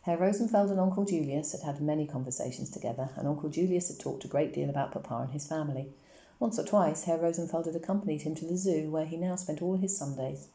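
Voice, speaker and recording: A woman reading a children's novel aloud in a calm, measured storytelling manner, in an echoey room. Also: deep voice. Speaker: reader.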